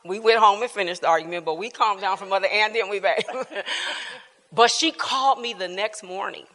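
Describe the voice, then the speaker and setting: Woman, church testimony, casual storytelling, laughing often, bright voice, long church-hall echo. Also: mid-range voice, normal speed. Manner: colloquial, laughing often, animated. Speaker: church member giving testimony at bible class.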